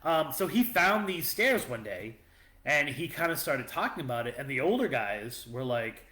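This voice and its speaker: This man's medium-pitched voice swings widely in pitch, moving at normal speed with a sharp edge. As a podcast co-host in an echoey room, he tells a loose, filler-heavy story in casual chat.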